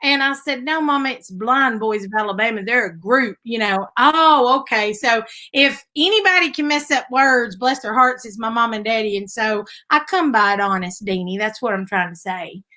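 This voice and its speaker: A woman's voice: fairly high pitch, animated, moderate pace, few pauses, pushed and bright, poor audio. A woman with a Southern accent from Tennessee, a guest musician chatting casually and telling stories in folksy phrasing over a video call. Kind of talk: casual chat.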